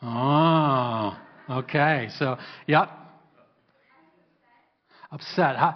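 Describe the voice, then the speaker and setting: A man's voice: fairly high pitch, animated, a little slow, pauses often, slightly rough, big-room sound, dull audio. A man preaching a sermon as pastor. He talks with the congregation, asks them to answer, and briefly acts out biblical characters in a raised, sassy voice. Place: church hall.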